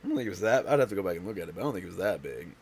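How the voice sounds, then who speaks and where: A man's voice: deep voice, big pitch swings, rapid-fire, darkish tone, breathy edge. Tired, stuffy man rambling on stream. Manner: tired, rambling with many fillers and restarts. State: stuffy and out of breath. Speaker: livestream host. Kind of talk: casual livestream chat.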